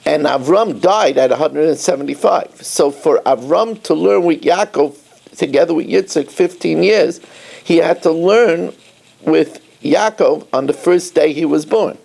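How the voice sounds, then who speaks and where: Gravelly rabbi teaching. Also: male voice, on the high side, a little slow. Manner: animated, sings snatches of song and asks questions with rising emphasis. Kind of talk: Torah lecture.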